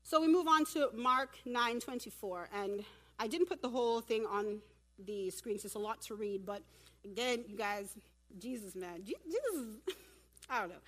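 Animated, bright-voiced woman preaching. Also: a little high. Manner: animated, humorous, talks directly to the audience. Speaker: speaker at a women's church event. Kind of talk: sermon. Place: church.

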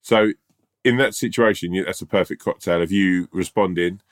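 A man's voice: low-pitched, moderate pace. A man chats on a podcast. He rambles through anecdotes, stumbling over restarts and acting out other people's lines. His delivery is loose and conversational. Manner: chatty, full of restarts and quoted voices. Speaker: podcast co-host. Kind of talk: casual chat.

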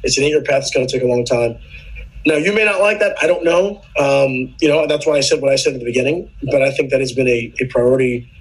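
A man's voice: mid-range voice, fast talker, husky, rough recording. A man, a podcast guest, explaining immigration policy in casual political chat, earnest and patient, often restarting his sentences.

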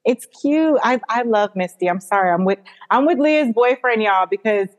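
A woman hosting a podcast, talking in an animated, emphatic casual chat and swearing freely. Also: fairly high pitch, normal speed, dull audio. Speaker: podcast host. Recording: long hall reverb.

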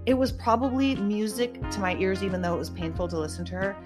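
A woman's voice: mid-range voice, expressive, quick pace, music in the background. A woman hosting her own show, talking casually in a rambling, emphatic way with lots of ums and uhs. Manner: rambling, emphatic, with many fillers. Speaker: podcast host. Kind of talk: casual monologue.

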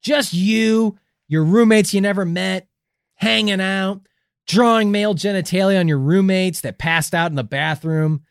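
A man co-hosting a comedic paranormal podcast, jokey and theatrical, swinging his pitch around for effect. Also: measured pace, smooth, dry recording, studio quality. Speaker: podcast co-host.

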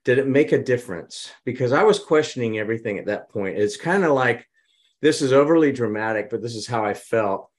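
An animated man recounts business turnarounds in a conversational interview. His voice sits in a middle register, and he acts out the lines he quotes. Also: medium pitch, a little fast. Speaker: business consultant guest. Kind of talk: conversational storytelling.

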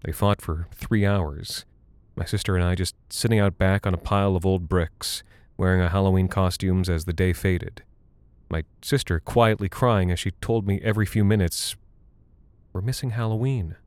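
A man giving a measured, somber first-person scripted horror narration. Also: sits low, fairly even intonation, darkish tone, smooth, dry recording. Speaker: narrator and voice actor.

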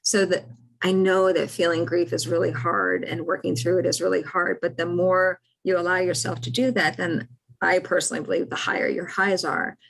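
A woman's voice: fairly low pitch, flat delivery, moderate pace, creaky, husky, poor audio. A woman speaking as a podcast guest, talking in a reflective, earnest way. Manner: reflective, earnest, with many fillers. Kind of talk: casual podcast conversation.

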